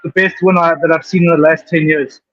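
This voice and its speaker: A man's voice: on the high side, steady tone, fairly quick. South African man on a muffled call. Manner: emphatic, says "straight up". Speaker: caller. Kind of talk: casual call-in chat.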